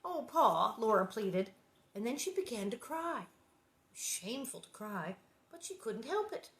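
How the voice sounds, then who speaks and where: A woman's voice: fairly high pitch, sing-song, measured pace. A woman in her sixties reading a children's book aloud and breaking off for wry, laughing asides. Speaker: reader and host. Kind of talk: storybook reading with chatty asides. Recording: roomy echo.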